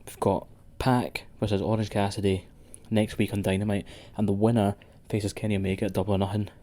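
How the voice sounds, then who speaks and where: A man's voice: fairly low pitch, level tone, brisk, mellow. A man co-hosting a wrestling podcast in sweary, rambling casual chat. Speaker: podcast co-host.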